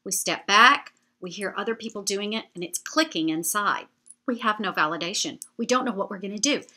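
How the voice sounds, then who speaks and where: A woman telling a travel story to her viewers in a chatty, animated way. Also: mid-range voice, a little fast. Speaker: vlogger. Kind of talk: storytelling travel anecdote to camera.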